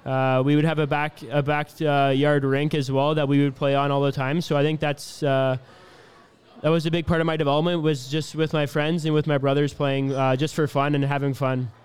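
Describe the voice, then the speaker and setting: A man in his twenties from Canada, answering interview questions in a relaxed, easygoing way with lots of fillers. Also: on the high side, fairly quick, clean tone. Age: 20s. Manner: easygoing, laughs often, many fillers. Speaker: hockey player being interviewed.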